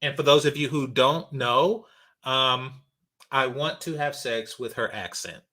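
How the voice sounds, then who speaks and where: A man's voice: medium pitch, a little slow, bright, forceful tone. A man hosting a casual reaction commentary channel, talking bluntly with lots of fillers and restarts. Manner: blunt, rambling, frequent fillers.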